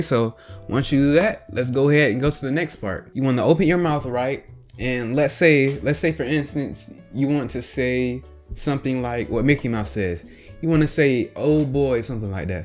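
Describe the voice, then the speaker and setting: A voice tutorial host with an ordinary middle-range pitch casually walks listeners through a voice trick step by step. He's chatty, repeats himself, and fills his pauses with ums.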